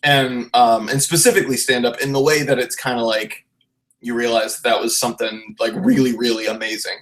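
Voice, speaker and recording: A young man from the Baltimore area hosts a casual podcast chat. He talks loosely and laughs often. His restarts and swearing keep it easygoing, at an everyday mid-range pitch. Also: flat delivery, fairly quick, fairly bright tone. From Baltimore area, USA. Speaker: podcast host.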